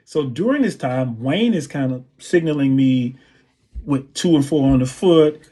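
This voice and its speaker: A man, a drummer and guest on an interview show, telling anecdotes in a relaxed way and scatting drum patterns. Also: mid-range voice, measured pace, breathy edge. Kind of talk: interview storytelling.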